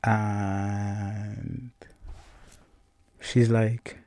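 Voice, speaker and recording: A man's voice: fairly low pitch, unhurried, gravelly, no room sound, clean studio sound. A young man in his twenties, a podcast host, telling a personal story in a casual, repetitive way. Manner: casual, repetitive, animated retelling.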